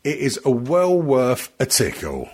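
A man's voice: medium pitch, huge pitch swings, measured pace. A man co-hosting a podcast, chatting casually, swearing often, rambling and laughing a lot. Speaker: podcast co-host. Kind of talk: casual banter.

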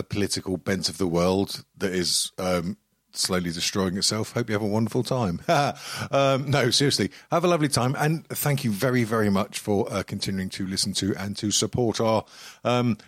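A man's voice: lowish voice, no room sound, clean studio sound. A man hosting a podcast, signing off casually with many ums and little laughs. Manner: hesitant, many ums and uhs, light laughs. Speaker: podcast host.

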